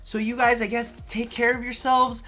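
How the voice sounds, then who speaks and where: A man's voice: very high voice, level tone, normal speed, pushed and bright, faint music behind. A man vlogging casually to camera from his apartment, a little tipsy, rambling, chatty and swearing freely. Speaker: vlogger host.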